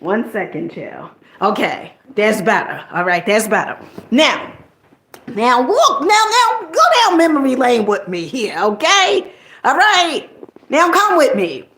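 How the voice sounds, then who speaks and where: A woman's voice: fairly high pitch, big pitch swings, slow, a bit bright. A middle-aged woman from New Jersey telling a personal story in a casual, colloquial way, tossing in "okay?" and mild swearing.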